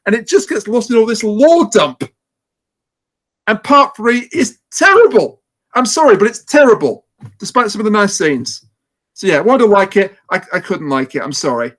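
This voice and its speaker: A man's voice: high voice, fairly bright tone. A man hosting a podcast in casual chat, giving blunt opinions. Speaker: podcast host.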